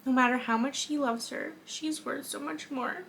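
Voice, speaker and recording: A woman's voice: high voice, fairly even intonation, moderate pace, creaky, fairly bright tone, a little hiss or hum, pitched above the performer's own voice, rough recording. A woman reading the lines of a heartbroken young man from a novel, earnest and tender.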